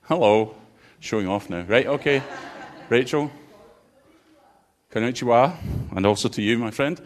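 A man's voice: medium pitch, a little slow. A man, a pastor giving an interactive sermon and bantering playfully with his congregation.

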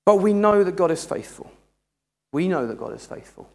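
A man's voice: sits high, very animated, normal speed, gravelly, a little mellow. A man preaching a sermon in a humorous, conversational way. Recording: echoey hall.

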